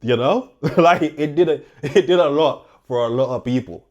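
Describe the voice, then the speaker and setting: A man's voice: fairly high pitch, normal speed, a little mellow, highs cut off. A man from England hosting a reaction show, giving casual, thoughtful commentary with hesitant restarts.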